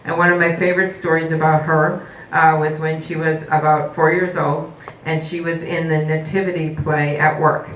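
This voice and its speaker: A woman's voice: deep voice, level tone, normal speed. A woman politician giving a campaign speech at a forum, telling stories with hesitant fillers. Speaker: political candidate. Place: indoor forum hall. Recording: echoey hall from far off, faint noise.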